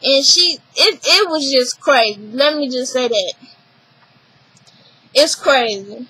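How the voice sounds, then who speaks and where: A young woman talks through a reality show episode in a casual vlog, high in pitch and unhurried. She acts out what others said with animated emphasis, and her voice is bright and close to the mic in a dry room. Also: breathy edge, dry recording, low-quality recording. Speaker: reality TV recapper.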